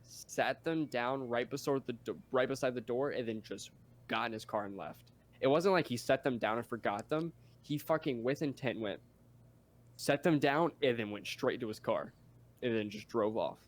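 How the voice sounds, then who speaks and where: A man's voice: medium pitch, normal speed. A young man co-hosting a podcast, talking bluntly and jokingly with plenty of swearing. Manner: blunt, swears a lot, jokey. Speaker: podcast co-host. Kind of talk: casual chat.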